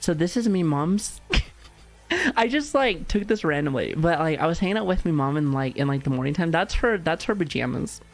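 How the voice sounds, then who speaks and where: Excitable swearing woman streamer. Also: deep voice, moderate pace, soft background music. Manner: excitable, swears a lot, laughs often. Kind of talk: casual stream chat reacting to videos.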